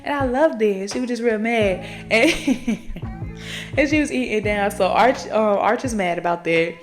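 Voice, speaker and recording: A woman's voice: a little high, unhurried, soft background music. Chatty slangy woman recapping a book. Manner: chatty, slangy and profane, addresses listeners directly. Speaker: book podcast host. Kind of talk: casual book recap storytelling.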